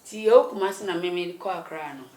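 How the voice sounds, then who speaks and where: A woman telling her story in a conversational interview, animated and laughing often. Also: lowish voice, quick pace, roomy sound.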